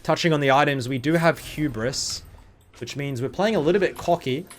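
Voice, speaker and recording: A man's voice: on the high side, moderate pace, slight background noise. A young man, jet lagged, rambling through casual gameplay commentary as a streamer with joking, sarcastic asides.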